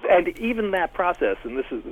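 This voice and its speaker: A man giving thoughtful, animated interview answers as a guest, talking in a discursive and emphatic way. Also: high voice, brisk. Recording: tinny phone line.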